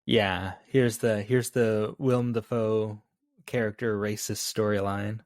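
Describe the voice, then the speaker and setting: A male podcast co-host talks through a movie in relaxed chat, laughing readily and asking his partner questions. His voice sits close and dry, with no room around it. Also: fairly low pitch, unhurried, no room sound. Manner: laughs easily, asks follow-up questions. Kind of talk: casual film review chat.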